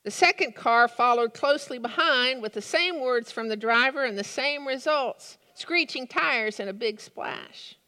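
A woman preaches slowly and deliberately, leaning into her stories with a dry wit. Her voice is bright and forward. The sound carries a long reverb, as in a large church hall. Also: sits high. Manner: measured, storytelling delivery with dry humor. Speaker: pastor. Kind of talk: sermon.

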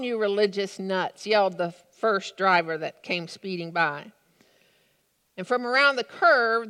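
A woman pastor delivering a sermon in a measured storytelling way, with dry humor. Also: fairly high pitch, pushed and bright, clean tone, in a large hall.

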